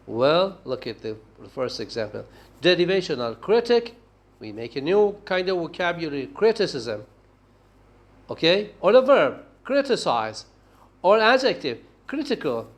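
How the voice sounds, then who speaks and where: A man giving a university linguistics lecture, talking haltingly and often checking in with "okay?". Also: a little high. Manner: slow, halting delivery with frequent "okay?" checks and restarts.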